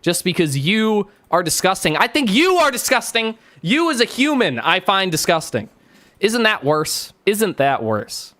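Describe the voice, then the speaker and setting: A man's voice: sits high, very animated, unhurried, pushed and bright, dry recording. A man streaming live, reacting with sarcastic, mocking jokes and asides.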